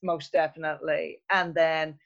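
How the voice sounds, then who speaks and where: Podcast guest, measured and reflective, mid-pitched, muffled lo-fi sound. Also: little pitch movement, gravelly, a bit bright. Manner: thoughtful, measured, with frequent fillers. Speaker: interview guest, youth health researcher. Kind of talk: conversational interview.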